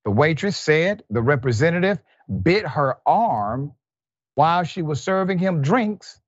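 A man's voice: a little high, lively intonation, measured pace, no echo. A man hosting a news commentary show, reading reports aloud and breaking into exasperated asides. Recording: dull, muffled, lo-fi sound.

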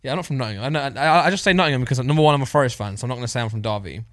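Guy from the english midlands cracking jokes on a podcast, talks fast, pitch jumps all over, dry close sound. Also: lively intonation, dry recording. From East Midlands of England. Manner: joking, teasing, rapid with many restarts. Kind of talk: casual chat.

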